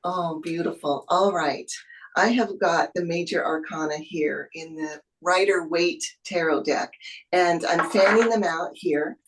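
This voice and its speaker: A woman's voice: fairly low pitch, measured pace, a little hiss or hum, poor audio. A woman tarot reader giving an intuitive reading over a video call, soothing and encouraging, with spiritual phrasing.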